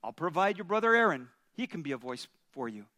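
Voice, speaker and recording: Brief: calm, commanding male deity, deep and hushed, measured delivery, played by a male preacher. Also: dry recording, clean studio sound. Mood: firm. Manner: slow, low and steady.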